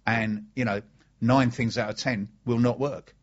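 A man's voice: mid-range voice, steady tone, unhurried, dull audio. A man hosting a casual radio chat show, enthusiastic and fond of telling stories. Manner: chatty, enthusiastic, storytelling.

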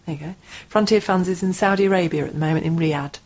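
A woman's voice: fairly low pitch, fast talker, darkish tone, lo-fi sound. A woman co-hosting a casual radio chat show, teasing her co-host and reading out listener tweets. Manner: chatty, teasing, reads out tweets.

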